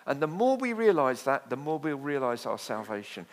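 Male pastor, sermon delivery, conversational with light jokes, very lively pitch. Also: moderate pace. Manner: animated, conversational preaching with asides and jokes.

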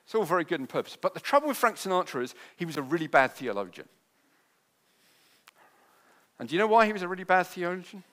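Male preacher, fairly high-pitched, shifts from hushed tenderness to rousing calls. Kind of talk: sermon.

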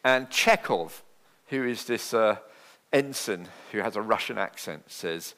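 Lively man preaching a sermon. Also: on the low side, unhurried. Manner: animated, conversational preaching with asides and jokes. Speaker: pastor.

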